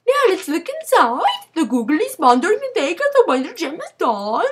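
High, lively young woman gaming. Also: moderate pace, few pauses. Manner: silly, dramatic, exclaiming. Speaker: gamer. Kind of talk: playful game commentary.

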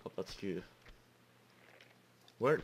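A man's voice: slow, a little hiss or hum. A young man giving casual gameplay commentary, chatting and laughing at his own slips of the tongue. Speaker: let's play host.

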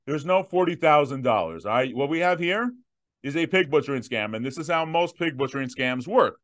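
A man in his thirties hosting a viewer Q&A, emphatic and direct, slowing down to stress his points. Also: mid-range voice, animated, fairly bright tone. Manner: emphatic, punchy repetitions, slows down to stress points. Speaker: host answering viewer questions. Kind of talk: direct-to-camera Q&A.

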